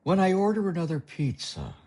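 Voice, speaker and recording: A man voicing a hungover, sarcastic woman writer, delivering her lines curt and dry in his own husky voice. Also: sits high, wildly swooping pitch, fairly quick, dark tone, pitched above the performer's own voice, exaggerated voice.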